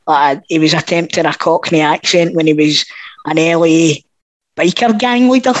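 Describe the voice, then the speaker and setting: High-voiced, blunt man. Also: moderate pace, dry recording, rough recording. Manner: blunt, sweary, mocking. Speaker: podcast co-host. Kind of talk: casual chat.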